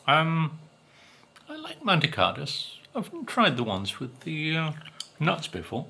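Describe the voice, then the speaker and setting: A man from Britain tasting cakes on his food vlog, talking slowly and musing, humming as he savors each bite. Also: on the high side, wildly swooping pitch, gravelly, very noisy. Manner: slow, musing, savoring with hums between bites. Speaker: food vlogger.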